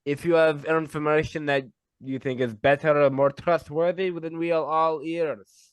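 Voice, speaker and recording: A man voicing a polite adventurer who speaks in a courteous, measured way. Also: fairly high pitch, fairly even intonation, smooth, no room sound, natural voice.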